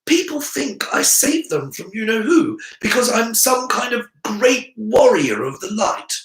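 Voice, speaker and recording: A man's voice: extremely high pitch, very animated, measured pace, a bit bright, roomy sound, pitched above the performer's own voice, heavily acted, poor audio. A man voicing an earnest, analytical boy wizard who explains things in a lecturing way. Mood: frustrated.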